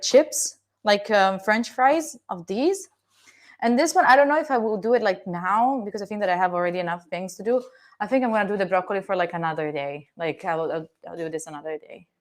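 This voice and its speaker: A young woman from Italy with an Italian accent, chatting playfully with her stream while cooking, teasing her viewers and swearing casually. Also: mid-range voice. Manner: chatty, playful, swears freely, teases chat. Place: home kitchen.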